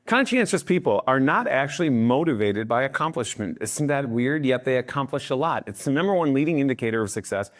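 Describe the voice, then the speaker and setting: A man speaking in an ordinary middle pitch, giving a lively talk to an audience. He jumps into quick impressions of other people and keeps checking in with a short "okay?". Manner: acts out other people's voices, often asks "Okay?". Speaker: speaker on influence and leadership.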